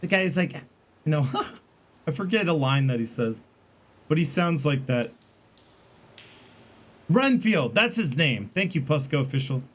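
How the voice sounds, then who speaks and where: A man's voice: fairly high pitch, animated, measured pace, long pauses. A man giving casual, rambling game commentary to his stream chat, full of fillers and restarts.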